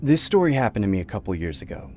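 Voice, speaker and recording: A man's voice: lowish voice, big pitch swings, rapid-fire, dark tone, faint music behind. A young man narrating a true horror story in the first person, earnest and tense. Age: young adult.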